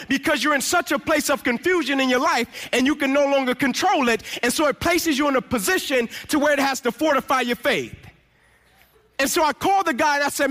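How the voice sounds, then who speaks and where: A man's voice: extremely high pitch, fairly quick, sharp tone. A young man giving an inspirational testimony speech, telling his story with repeated refrains. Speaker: motivational speaker.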